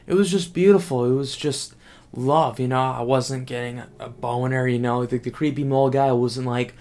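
Rambling, excitable young man vlogging. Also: medium pitch, moderate pace. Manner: rambling, excitable, heavy on fillers and profanity. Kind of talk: casual monologue to camera.

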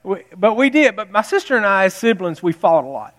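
A man's voice: high-pitched, big pitch swings, fairly quick, a bit bright. A man in his fifties preaching a jokey Mother's Day sermon, telling family stories and laughing at them. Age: 50s.

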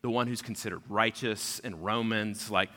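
A pastor in his thirties preaches in an easygoing, animated way, full of asides. His voice is bright and forward, with a long reverb trailing through the hall. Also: lowish voice, normal speed. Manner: casual, animated storyteller. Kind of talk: sermon.

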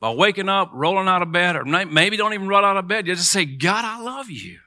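Middle-aged male preacher, crisp dry sound, bright tense tone, talks the crowd through call-and-response. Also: high-pitched, fast, no echo. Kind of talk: sermon.

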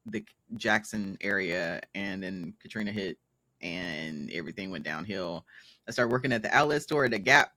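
Bright-voiced storytelling man from Mississippi. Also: fairly low pitch, no room sound. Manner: storytelling, laughs often. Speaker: guest. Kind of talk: casual conversation.

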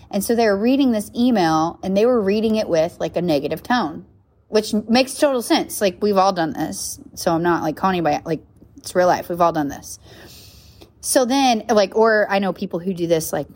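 A woman hosting a solo podcast in a casual, chatty way, with lots of fillers and frequent asides asking "right?". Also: medium pitch. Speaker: podcast host and coach.

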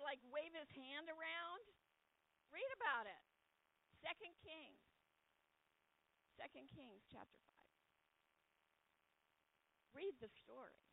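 A woman preaching a sermon, telling a story with energy and acting out the voices in it. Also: sits high. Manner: animated, acts out the voices in the story. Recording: tinny phone-like sound.

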